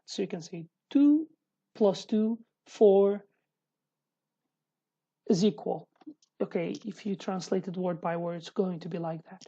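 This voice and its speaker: A woman with a Sulaymaniyah Kurdish accent, a native Kurdish speaker, teaching an online language lesson in English with many restarts and slow repeated examples. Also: medium pitch, dark tone, breathy edge, highs cut off.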